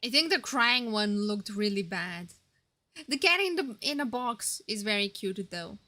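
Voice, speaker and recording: Bright, giggly young woman streamer. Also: mid-range voice, expressive, measured pace. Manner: giggly and playful, reacting to chat. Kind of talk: casual live-stream commentary.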